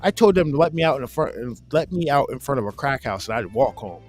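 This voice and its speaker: A man's voice: medium pitch, animated, fast, faint music behind. A man in his forties hosting a casual chat, telling a rambling, profane story and acting out his friends' lines with a laugh. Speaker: podcast host.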